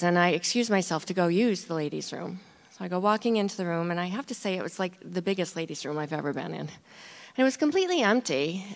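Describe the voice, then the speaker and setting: A woman who is a nurse telling a true story aloud in a vivid, animated way, building tension. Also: lowish voice. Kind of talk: live storytelling.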